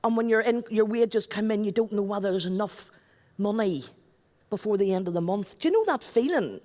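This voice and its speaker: A woman's voice: medium pitch, fairly quick, mellow. A middle-aged woman with a Northern Irish accent, an MC on stage giving a chatty, joking talk and addressing the crowd. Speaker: event MC. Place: stage at a large event. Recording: long hall reverb.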